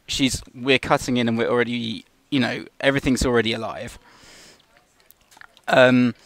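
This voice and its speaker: A man walks through an animation shot in a relaxed, thinking-aloud way, often restarting his sentences. His voice has a gravelly edge and sits at an ordinary pitch. The sound is close and dry, with no room echo. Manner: casual, explanatory, with fillers and restarts. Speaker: animation tutor. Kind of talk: live tutorial walkthrough.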